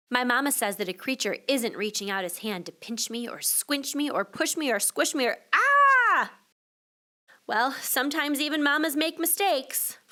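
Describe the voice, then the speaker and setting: A woman teacher reading a children's picture book aloud to young listeners, expressive and switching voices for the child and the mother. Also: fairly high pitch. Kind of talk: children's storybook read-aloud.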